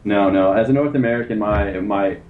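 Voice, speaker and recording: A man with a Canadian accent chatting easily as a podcast guest, an English teacher who pokes fun at himself. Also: fairly quick. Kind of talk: casual chat. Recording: roomy, dull lo-fi sound with faint rumble.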